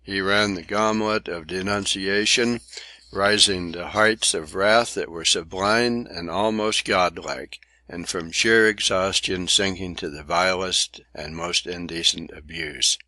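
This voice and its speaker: Deep-voiced male audiobook narrator. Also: pushed and bright, dry recording. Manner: measured, literary storytelling. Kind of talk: scripted narration.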